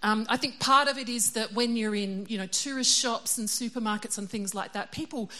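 Bright chatty woman preaching. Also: a little high, fairly quick. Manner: chatty, self-deprecating, laughs often. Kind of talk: casual sermon.

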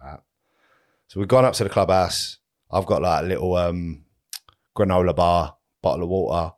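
A man's voice: low-pitched, normal speed. A man, co-hosting a podcast, telling a rambling story in casual slang, swearing freely and checking in with "right?" as he goes. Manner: animated anecdote teller, swears freely, leans on "right?" and "yeah?". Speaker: podcast co-host.

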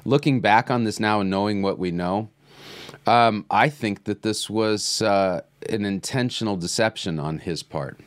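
A man hosting a podcast, commenting on a played clip and reading Bible passages aloud with pauses and restarts. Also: on the low side, dry recording. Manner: reacts to clips, reads Bible passages aloud. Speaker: podcast host.

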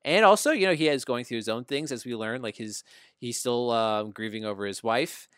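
Smooth-voiced man hosting a casual TV recap. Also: mid-range voice, a little fast, a bit bright, dry recording, studio quality. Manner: conversational, often seeks agreement with "right?". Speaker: podcast host recapping a TV show. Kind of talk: casual review chat.

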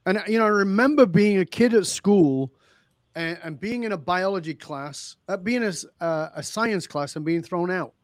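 A leadership speaker appears as a guest in a podcast interview, telling stories and acting out the dialogue with energy. His voice is high-pitched at a moderate pace, captured in studio quality with no room sound.

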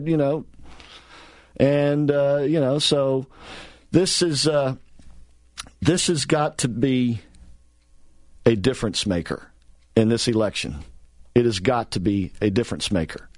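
A man's voice: medium pitch, measured pace. A man hosting political talk radio, speaking in a sarcastic, heated way with many restarts and repeated words.

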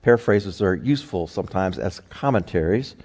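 A man's voice: low-pitched, expressive, fairly quick, a little mellow, husky. A man preaching a sermon in a folksy, conversational way, telling homespun stories. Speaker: pastor. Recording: long hall reverb.

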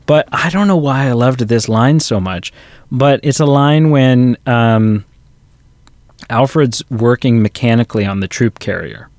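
A man's voice: medium pitch, a little slow, darkish tone, no room sound. A man co-hosting a podcast, chatting casually about a film and retelling scenes with quoted lines. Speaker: podcast co-host. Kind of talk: casual movie review chat.

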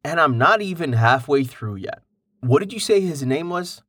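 A man's voice: on the high side, lively intonation, normal speed, a bit bright, no room sound, studio quality. A man voicing a curious, impatient young man. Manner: inquisitive, exasperated questions.

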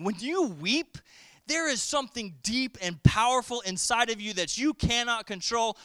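A man's voice: high voice, a bit bright, clean tone, dry recording. A man preaching a sermon, telling a story vividly and explaining word meanings to his listeners.

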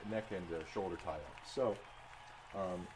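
A man narrating as game master of a tabletop game in an animated, chatty way. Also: low-pitched, normal speed, background noise. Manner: animated, chatty, laughs often.

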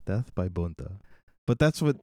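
A man tells a joke casually on a podcast, laughing as he goes and acting out the voices. His pitch swings in a lively, animated way. The sound is dry and close. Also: moderate pace, no echo. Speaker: podcast guest.

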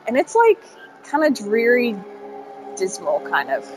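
Kentucky woman co-host, slow drawl, bit high, giggly. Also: huge pitch swings, over music, rough recording. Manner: giggly, exclaims a lot. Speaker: podcast co-host. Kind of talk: casual chat on a call. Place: indoors. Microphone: call audio.

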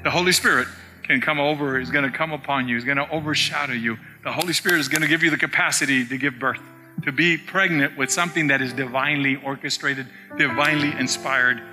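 A man's voice: medium pitch, fairly even intonation, fast talker, sharp tone, big-room sound, faint music behind. A male pastor preaching a sermon, repeating his phrases and rising to emphatic peaks.

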